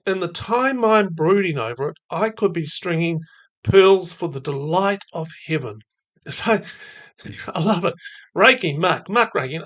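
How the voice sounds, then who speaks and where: Higher-voiced man in a reflective faith talk. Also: animated, a little slow. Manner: thoughtful, musing, with fillers and soft laughs. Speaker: faith and mental health speaker.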